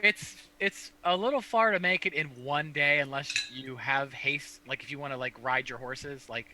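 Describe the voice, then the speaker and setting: A man's voice: medium pitch, moderate pace, noisy background. A man running a virtual tabletop game, talking casually with hesitant, filler-heavy phrasing.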